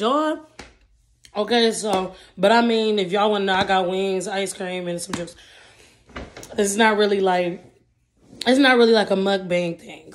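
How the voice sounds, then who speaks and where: A woman in her twenties telling a rambling story in a casual vlog, full of fillers, eating between sentences. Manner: chatty and rambling, with many fillers like "okay, boom". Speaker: vlogger.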